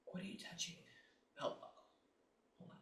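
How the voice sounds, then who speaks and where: A woman working as a psychic medium, talking casually with clients and thinking aloud with frequent pauses and asides. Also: pushed and bright, whispered, far from the mic. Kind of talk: casual session talk. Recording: roomy, from off the mic.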